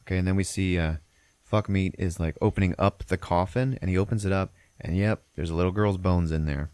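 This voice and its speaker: A man's voice: low-pitched, steady tone, a little fast, darkish tone, clean tone, no room sound. A man hosting a podcast, retelling a film plot in a loose, profane, rambling way. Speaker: podcast host. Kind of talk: casual film recap.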